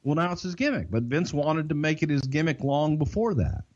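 An older man with a Southern American accent, co-hosting a podcast and telling behind-the-scenes stories in a folksy, drawn-out way. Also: fairly high pitch, animated, darkish tone, highs cut off. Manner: folksy, drawn-out, swears casually. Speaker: podcast co-host. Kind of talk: casual storytelling.

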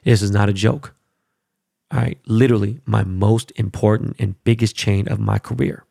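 A middle-aged man hosting his own podcast in casual chat, rambling and profane, and he gets loud and worked up. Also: fairly low pitch, fairly even intonation, moderate pace, gravelly, dry recording, clean studio sound. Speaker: podcast host.

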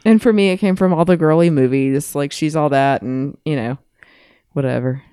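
A woman co-hosting a podcast in casual chat, talking in a relaxed, rambling way. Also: low voice, moderate pace, smooth, dry recording, studio quality. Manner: relaxed, rambling, with many fillers. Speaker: podcast co-host.

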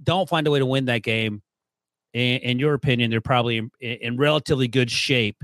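Fast-talking male podcast host. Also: medium pitch, fairly bright tone, no room sound. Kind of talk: casual podcast sports talk.

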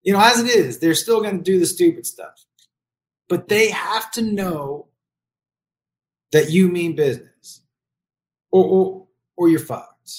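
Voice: mid-range voice, a little slow, pauses often. A middle-aged parent giving blunt, profane advice on raising kids in a casual comedic rant.

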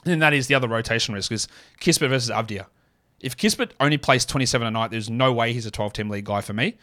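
A man's voice: medium pitch, fairly bright tone. Opinionated man hosting a sports podcast. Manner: opinionated, quick asides, self-deprecating jokes. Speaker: podcast host. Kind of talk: solo fantasy basketball podcast.

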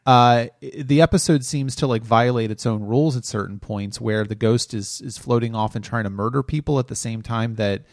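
A man's voice: medium pitch, normal speed, hardly any pauses, no room sound, clean studio sound. A man co-hosting a podcast, talking through a critique in an exasperated, analytical way. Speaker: podcast co-host reviewing TV episodes. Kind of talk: casual critical chat.

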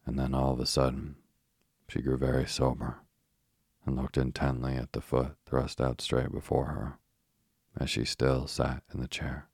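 Man reading a bedtime story slow and soothing, really deep, flat monotone, dry close sound. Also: creaky, breathy edge, dry recording. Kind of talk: sleep story narration.

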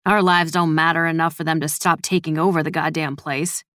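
A woman's voice: deep voice, level tone, fairly quick, fairly bright tone, no room sound, clean studio sound. A woman reading a story, voicing a blunt, worn-out middle-aged mother. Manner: blunt, sleepy. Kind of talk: storybook character voice.

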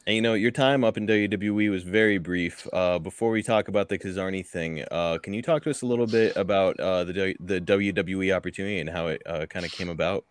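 A man's voice: low voice, fairly even intonation, brisk, few pauses, smooth, no room sound. A man co-hosting a podcast and asking questions in a hesitant, polite way. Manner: hesitant, many fillers, polite. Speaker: podcast co-host. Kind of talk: casual interview.

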